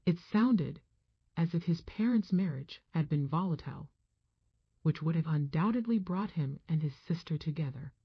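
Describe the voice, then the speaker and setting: A woman reading an audiobook as narrator, in a measured, even manner. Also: low-pitched, breathy edge, dry recording. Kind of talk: scripted narration. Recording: dull, muffled dry sound.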